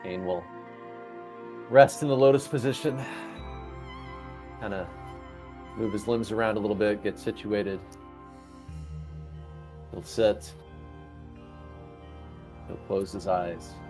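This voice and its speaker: A man with a low voice calmly narrates what his character does in a tabletop game. He talks in a loose, unhurried way while faint music plays underneath. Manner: laid-back, describes his character's actions. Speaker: player.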